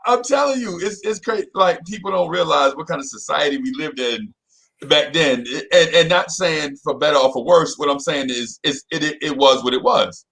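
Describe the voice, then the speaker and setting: A middle-aged man, a podcast co-host, telling a story in casual chat. He talks in an animated way, often repeats himself and keeps saying "you know what I'm saying". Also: fairly high pitch, normal speed, creaky, low-quality recording.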